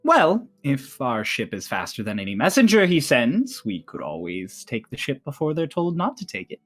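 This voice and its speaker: A man voicing a composed, dignified woman diplomat who speaks in a calm, measured, formal way. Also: mid-range voice.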